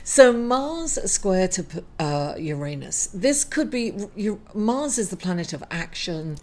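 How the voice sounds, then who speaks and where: A middle-aged woman reading weekly horoscopes, emotional after a loss and halting, with many fillers and apologies. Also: mid-range voice, big pitch swings. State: emotional, grieving. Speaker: astrology reader.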